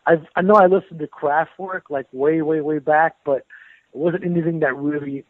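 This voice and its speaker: An American man being interviewed as a metal guitarist, chatty and relaxed, laughing often and repeating words as he thinks. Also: a little high, moderate pace, dry recording. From United States. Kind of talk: casual phone interview. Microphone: phone. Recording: tinny dry phone line.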